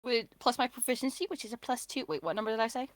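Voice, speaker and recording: A woman's voice: fairly high pitch, lively intonation, rapid-fire, no echo. A woman playing a tabletop game, describing her character's actions in a rambling way full of fillers. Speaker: player. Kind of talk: casual tabletop game play.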